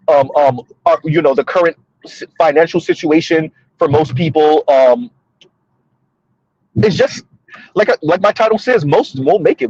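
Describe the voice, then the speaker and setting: A man's voice: fairly high pitch, a little mellow, no echo, dull audio. A man in his thirties giving casual livestream commentary, rambling and repeating himself, laughing at his own jokes.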